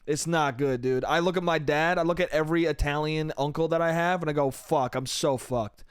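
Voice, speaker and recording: A man's voice: a little high, fairly even intonation, fast talker, clear, resonant tone, dry recording, studio quality. A young man hosting a solo comedy podcast, rambling and self-mocking, swearing freely and calling the listener dude and bro. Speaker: podcast host.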